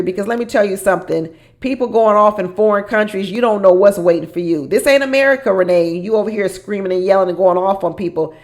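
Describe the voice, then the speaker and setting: A woman giving casual, animated recap commentary on a reality show, dramatic and laughing as she talks. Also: mid-range voice.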